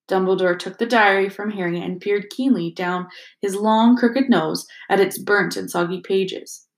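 A woman narrating a storybook in a steady, expressive reading voice, in a roomy echoing recording. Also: mid-range voice, measured pace. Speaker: audiobook reader. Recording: roomy echo.

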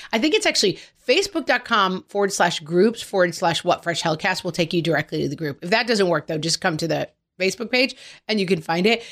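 Chatty woman podcast co-host, lowish voice. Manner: animated storytelling, quoting family members in voices. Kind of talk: casual podcast chat.

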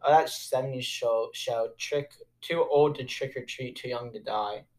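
A man co-hosting a casual podcast chat, speaking in a hesitant, halting way. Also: medium pitch. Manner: hesitant, halting, full of "like" fillers. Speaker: podcast co-host.

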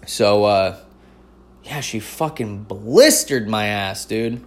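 A man's voice: on the low side, lively intonation, takes it slowly. A man in his forties hosts a podcast, telling stories in a casual, profane, slangy way and calling listeners "dude". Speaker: podcast host. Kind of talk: casual storytelling chat.

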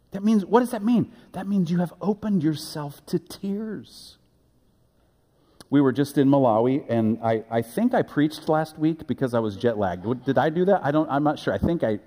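A man preaching a sermon as pastor, earnest and halting, building to emphatic peaks. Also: mid-range voice, mellow. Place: church sanctuary. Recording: echoey church hall.

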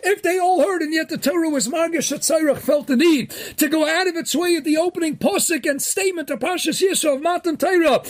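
High-voiced man giving an animated Torah talk. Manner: animated, rising to emphatic near-shouts, Yeshivish Hebrew terms. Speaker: host of a daily inspirational talk. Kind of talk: Torah inspiration talk with jokes.

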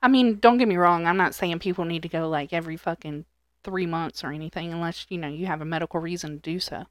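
A woman's voice: on the low side, fast, no echo. A woman co-hosting a casual podcast, talking in a blunt, teasing and crude way and laughing often. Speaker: podcast co-host. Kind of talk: casual chat.

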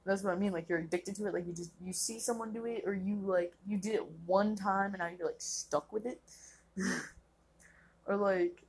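Husky-voiced young woman, rambling podcast chat. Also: mid-range voice, steady tone, normal speed, darkish tone. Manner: rambling, laughs often, says "like" constantly. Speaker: podcast host. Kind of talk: casual solo podcast chat.

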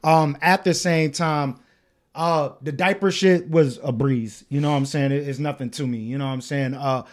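A young man with a high voice tells a story on a podcast, acting out what everyone said. His talk is loose and full of swearing. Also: moderate pace. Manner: animated storytelling, acting out quotes, frequent swearing. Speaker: podcast co-host. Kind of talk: casual chat.

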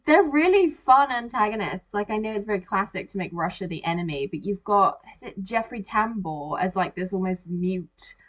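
A woman's voice: medium pitch, moderate pace, few pauses. Chatty woman reviewing a film. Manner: animated, acts out reactions in quoted asides. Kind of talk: casual movie discussion.

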